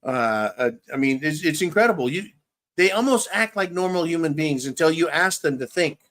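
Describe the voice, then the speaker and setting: After a couple of drinks, this man hosting a live-stream show is slightly tipsy and tongue-tied as he delivers a blunt, profane, casual rant. His voice runs high and expressive, with a fairly bright tone at a moderate pace.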